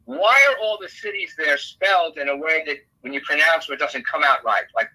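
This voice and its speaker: Husky bright-voiced man, blunt guest. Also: fairly high pitch, a little fast, poor audio. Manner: blunt, quizzing questions. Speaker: podcast guest, political operative. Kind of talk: casual interview chat.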